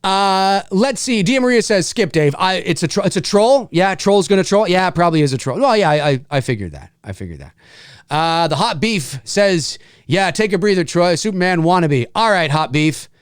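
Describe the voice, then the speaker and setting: A man's voice: high-pitched, moderate pace, clear, resonant tone, dry recording, clean studio sound. A middle-aged man hosting a casual live stream, reading viewer comments aloud and joking back at them. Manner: animated, reads chat aloud and jokes back.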